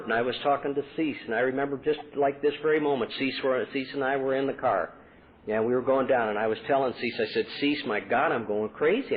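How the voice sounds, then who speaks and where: Man, AA convention speaker, storytelling with quoted voices, tinny old tape with faint hiss. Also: medium pitch. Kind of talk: recovery talk to a meeting. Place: convention hall.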